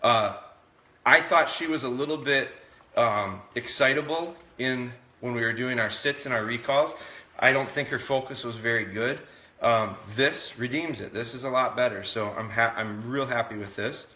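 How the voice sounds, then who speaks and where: A man talking viewers through a live dog training session in a relaxed, explaining way, indoors. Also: medium pitch, moderate pace, reverberant.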